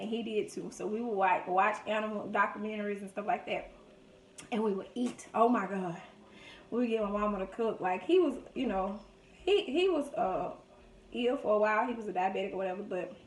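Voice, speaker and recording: This vlogger talks fairly quickly at medium pitch, sounding far from the mic in an echoey room with a little hiss or hum. During a food video, she casually recounts family stories, chatty and nostalgic, putting on lively voices for the people she quotes.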